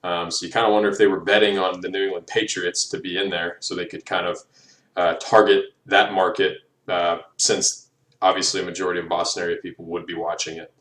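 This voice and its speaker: Here a student presenter speaks a little fast, his low voice bright-edged yet barely moving in pitch. The young man hesitates throughout with frequent ums and uhs, and the mic sits far off in a reverberant room.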